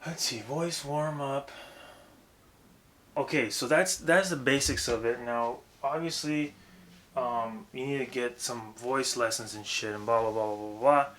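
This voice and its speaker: A young man giving a casual, profane, rambling lesson on vocal technique, breaking into loud demonstrations. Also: medium pitch, normal speed. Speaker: vocal coach.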